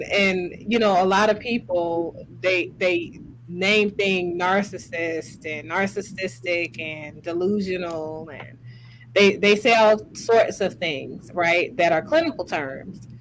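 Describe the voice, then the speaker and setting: Woman, host, clinician, lowish voice, deliberate, drawn-out emphasis, commentary. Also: fairly bright tone, a little hiss or hum. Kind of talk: commentary on social media clips.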